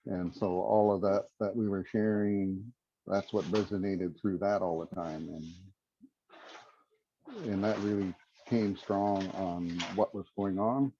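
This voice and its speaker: Male storyteller on a video call, low and dark-toned, unhurried with many pauses, lo-fi audio. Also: steady tone, a little hiss or hum. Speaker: prayer circle participant.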